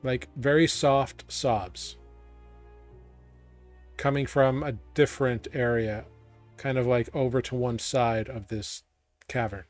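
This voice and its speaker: A man narrating as game master in a tabletop game, describing scenes in a halting way full of fillers. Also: mid-range voice, steady tone, faint music behind.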